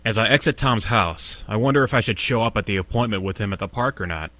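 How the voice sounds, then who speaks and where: A man's voice: lowish voice, fast talker, sharp tone, dry recording. An actor playing a betrayed young man who narrates his own story in first person in a video game. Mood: anxious.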